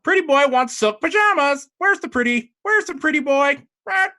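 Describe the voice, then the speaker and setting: A man voicing a cheeky baby phoenix that squawks shrill, loud taunts at the party. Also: animated, normal speed, exaggerated voice. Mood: squawking taunts.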